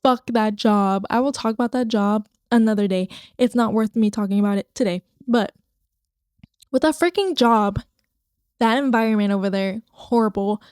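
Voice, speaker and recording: Chatty young woman, mellow dry voice. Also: a little high, normal speed, clear, resonant tone, dry recording. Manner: rambling, chatty, swears casually. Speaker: podcast host. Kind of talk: casual solo podcast chat. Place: home, recording to her computer screen. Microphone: podcast microphone.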